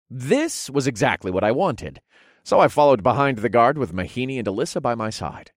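A man narrating a first-person fantasy audiobook with wry, lively storytelling into a studio mic. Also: mid-range voice, moderate pace, no room sound.

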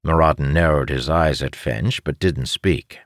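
A man narrating a fantasy audiobook in a measured, expressive storytelling manner. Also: extremely low pitch, no echo, studio quality.

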